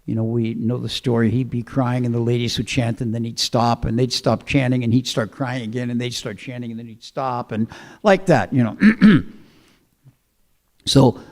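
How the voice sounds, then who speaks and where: A man giving a storytelling sermon in a relaxed, conversational way, with fillers and throat clearing. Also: medium pitch, moderate pace. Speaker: speaker giving a scripture talk.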